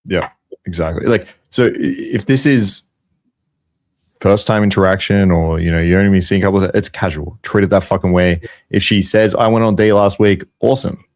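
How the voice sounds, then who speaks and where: A man's voice: low voice, moderate pace, darkish tone, no room sound, clean studio sound. A man co-hosting a casual podcast, laid-back and swearing casually. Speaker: podcast co-host, coach.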